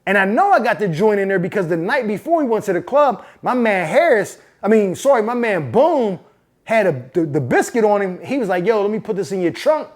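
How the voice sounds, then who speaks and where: A man hosting his own channel, telling a personal story in a casual, profane, animated way. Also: high-pitched, a little fast. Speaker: host. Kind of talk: storytelling monologue.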